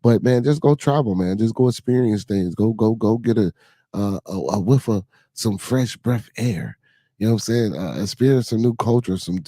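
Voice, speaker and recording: A man's voice: fairly low pitch, creaky, warm tone, no room sound. A man hosting a casual livestream chat, talking in a loose, rambling way with many fillers and a Chicago accent. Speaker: podcast host.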